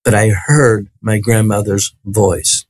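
A man telling a personal story to an interviewer, lively and acting out the voices of the people in it. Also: on the low side, takes it slowly, husky. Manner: animated storyteller, acts out quoted voices. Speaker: guest telling his testimony.

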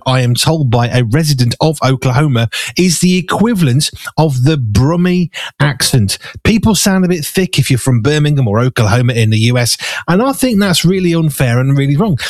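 A man's voice: a little high, no room sound. A middle-aged man with a Black Country accent, hosting a radio show with rambling, self-mocking chat between songs. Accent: Black Country English. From Black Country, England.

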